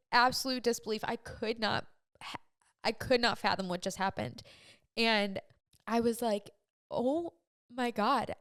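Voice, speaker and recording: Smooth-voiced young woman, earnest and chatty. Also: a little high, no room sound, studio quality. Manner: earnest, emotional, chatty with frequent "like". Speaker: podcast host. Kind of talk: personal storytelling podcast.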